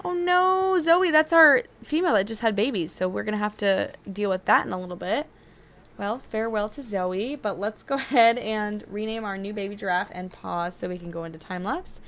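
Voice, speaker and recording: A young adult woman giving casual, chatty gameplay commentary, excitable and quick to get frustrated. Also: mid-range voice. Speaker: video game streamer.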